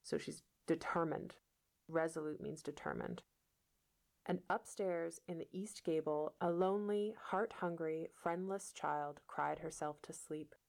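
A woman reading a novel aloud as a teacher, pausing for patient explanations of words. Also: sits low, fairly even intonation, creaky, darkish tone. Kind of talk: read-aloud lesson explaining vocabulary.

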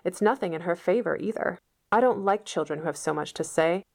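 A woman plays a stern, sharp-tongued middle-aged woman who answers curtly and scolds. The voice sits fairly low with a gravelly, creaky edge. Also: fairly quick. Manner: curt, reproachful.

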